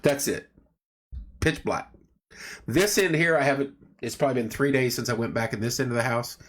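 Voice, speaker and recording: A man's voice: mid-range voice, moderate pace, a bit bright. A man hosting a casual home livestream, rambling through stories and greeting viewers by name. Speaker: livestream host. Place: home room at night.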